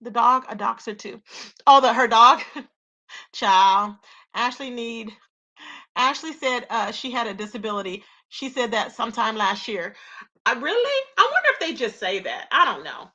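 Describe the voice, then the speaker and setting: A woman's voice: fairly high pitch, animated, normal speed, pushed and bright. A woman hosting a casual gossip livestream, reading chat and reacting with lots of exclamations. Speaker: livestream host.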